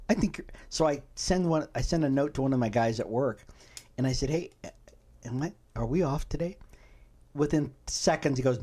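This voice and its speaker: A man's voice: medium pitch, normal speed, a little mellow, breathy edge. A middle-aged man hosting a podcast, chatting casually and telling stories with frequent laughs. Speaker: host.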